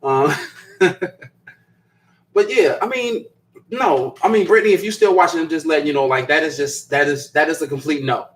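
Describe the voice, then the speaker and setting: Rambling, laughing man with a higher voice. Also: normal speed, pauses often, low-quality recording. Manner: rambling, repeats phrases, laughs often. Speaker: host of a live stream show. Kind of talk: casual live-stream chat reading viewer comments.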